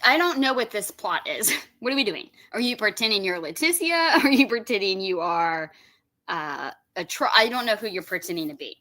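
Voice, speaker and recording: A woman's voice: medium pitch, expressive, normal speed, bright, forceful tone. A woman chatting casually on a stream, amused and laughing, cursing now and then. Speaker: streamer reacting. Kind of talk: casual chat.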